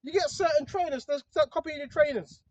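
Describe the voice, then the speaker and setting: An online preacher speaks in a high voice, a little fast, preaching informally with emphatic repetition and constant check-ins with the listener. The recording is dry, dull, and lo-fi.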